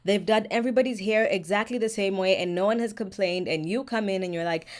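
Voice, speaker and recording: A woman's voice: mid-range voice, quick pace. A woman vlogging hair care tips straight to camera, frank and emphatic as she gives advice to viewers. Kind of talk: direct-to-camera advice vlog.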